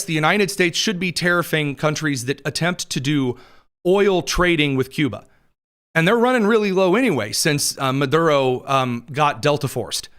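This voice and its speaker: A man's voice: on the high side, fairly bright tone, clear, resonant tone. Wry, joking male news host. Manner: wry, quick asides, laughs at own jokes. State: dry throat. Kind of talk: sarcastic political news commentary.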